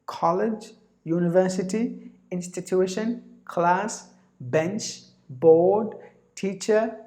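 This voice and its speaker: A man teaching a spoken lesson. He talks slowly and carefully, sets out single words one at a time, and often clears his throat. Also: sits high, a little mellow. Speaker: English teacher. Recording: echoey room.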